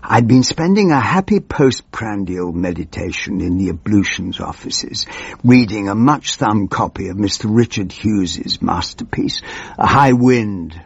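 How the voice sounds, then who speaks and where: Doddering old MP, gravelly and husky, very slow drawl, pompous and forgetful, dull lo-fi sound. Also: male voice, lowish voice, lively intonation, no echo, exaggerated voice. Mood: reminiscing. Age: older. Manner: rambling, muddled, pompous reminiscing. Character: doddering ancient male MP, rambling and forgetful. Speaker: comic character monologue. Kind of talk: scripted comic monologue.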